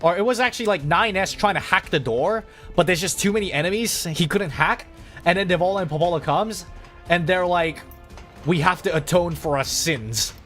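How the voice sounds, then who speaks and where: A man streaming a video game, chatting in a rambling, excitable manner and cursing freely. His voice sits a little higher than most men's. Soft game music plays faintly underneath. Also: fairly quick. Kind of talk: casual gaming livestream chat.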